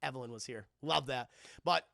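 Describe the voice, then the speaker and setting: A man reviewing a film live and chatting with his viewers, rambling, swearing and animated. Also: mid-range voice, fairly quick, vocal fry, no room sound, clean studio sound. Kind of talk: casual chat with a live audience.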